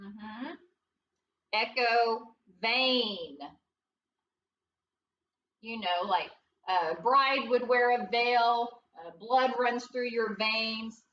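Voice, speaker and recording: A woman gives a slow, patient phonics lesson to first graders, her voice high and bright. She quizzes the class in a sing-song way and answers her own questions. The sound is dull and echoey, picked up from a distance with faint hiss beneath. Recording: dull roomy sound from away from the mic with faint noise.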